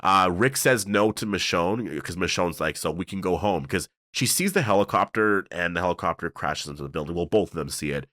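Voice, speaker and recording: A man with a very low voice talks through a TV episode review. He rambles and leans on fillers, excitable but loose. The sound is dry and close. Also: fairly quick, few pauses, dry recording. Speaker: show reviewer. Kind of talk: casual video breakdown.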